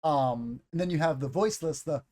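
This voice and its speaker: A man with a fairly high voice teaches English pronunciation live. He spells out sounds slowly and with care, cracks small jokes, and sounds a bit congested in the nose. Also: a little mellow. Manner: explains slowly, demonstrates sounds, jokes and laughs. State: slight sinus congestion. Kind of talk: live-streamed English lesson.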